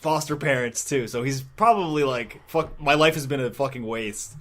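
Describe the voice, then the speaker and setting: Male co-host, mid-pitched, amused storyteller. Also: normal speed. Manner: laughing, animated retelling with acted-out quotes. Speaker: podcast co-host. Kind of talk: casual comic book discussion.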